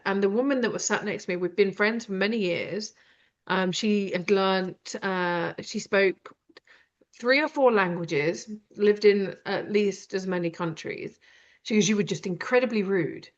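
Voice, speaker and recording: A British woman hosting a live conversation, talking directly and rambling with many fillers. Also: medium pitch. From Britain. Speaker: host. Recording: dull lo-fi sound.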